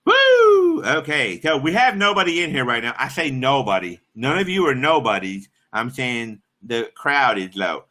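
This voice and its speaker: A man's voice: medium pitch, sing-song, moderate pace, few pauses, sharp tone. A man chatting on his live stream in a rambling, crude and profane way. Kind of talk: casual live-stream chat.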